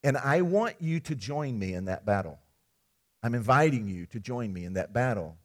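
A man's voice: medium pitch, expressive, moderate pace, natural voice. A man voicing a scheming, self-willed ancient king in a retold story, speaking casually with hedges and stammers.

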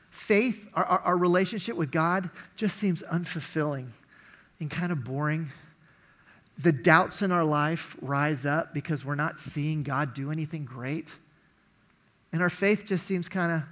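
A man's voice: a little high, fairly bright tone. Man preaching an emphatic, conversational sermon. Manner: conversational, emphatic, stretches key words slowly. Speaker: pastor.

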